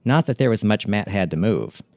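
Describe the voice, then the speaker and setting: A man's voice: fairly low pitch, moderate pace, no echo. Wry middle-aged man telling his memoir. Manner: wry, catty, deadpan humor. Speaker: storyteller, memoir podcaster. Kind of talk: memoir storytelling narration.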